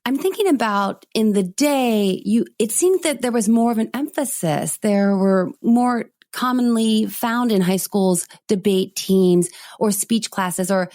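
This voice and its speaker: A woman's voice: medium pitch, measured pace, hardly any pauses, a little mellow, dry recording, studio quality. A woman in her fifties hosting an interview podcast, chatty and thinking aloud as she asks questions. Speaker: podcast host. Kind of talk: conversational interview.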